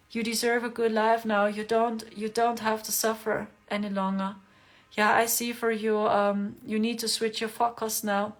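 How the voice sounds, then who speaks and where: Brief: woman livestream host, gentle repetitive delivery, slightly high voice. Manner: gentle, repeats words for emphasis. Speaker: livestream host giving spiritual readings. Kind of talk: casual livestream chat.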